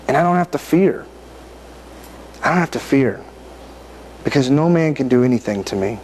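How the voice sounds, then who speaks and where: A man's voice: mid-range voice, expressive, moderate pace, a little mellow, a little hiss or hum. A man giving a conversational sermon, often asking his listeners questions and reading scripture aloud. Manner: conversational, asks the audience questions. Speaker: preacher.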